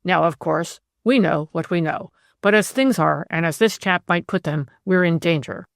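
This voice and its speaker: A woman narrator voicing a cool, calculating woman conspirator who talks with composure and jumps to sharp, bright rises. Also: fairly low pitch, normal speed, vocal fry, dry recording, studio quality.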